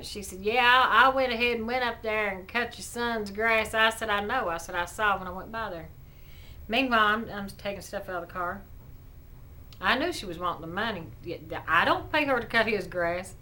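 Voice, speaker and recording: Middle-aged woman vlogger, indignant chatty rant, bright edge to her voice. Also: medium pitch, rough recording. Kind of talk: casual storytelling rant.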